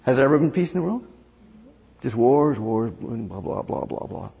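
A man's voice: mid-range voice, expressive, moderate pace, creaky, mellow, highs cut off. A man preaching a conversational sermon as pastor, asking the congregation questions. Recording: long hall reverb.

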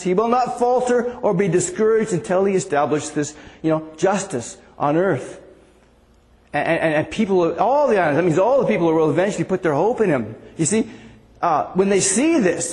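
Man, pastor, casual sermon, slightly high voice, reverberant hall. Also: darkish tone. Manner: conversational, asks the congregation questions.

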